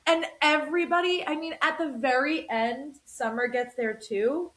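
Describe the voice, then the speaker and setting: Animated woman host in a roomy space. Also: sits high, soft background music. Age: 30s. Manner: animated, ranting, quick asides. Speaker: podcast host. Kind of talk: casual podcast chat. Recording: roomy echo.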